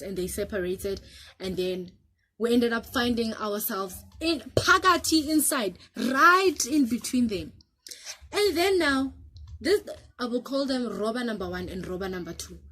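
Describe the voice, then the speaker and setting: Animated South African woman telling a story. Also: a little high. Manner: animated, switches between English and local languages. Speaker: vlogger. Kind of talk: casual storytelling to camera.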